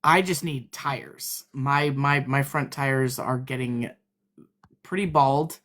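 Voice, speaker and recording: A man's voice: medium pitch, steady tone, slow, fairly bright tone. A man chatting casually with a co-host and the stream's viewers. He laughs easily, trails off and starts his sentences over as he talks. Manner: laughs often, trails off and restarts. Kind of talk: casual live-stream chat.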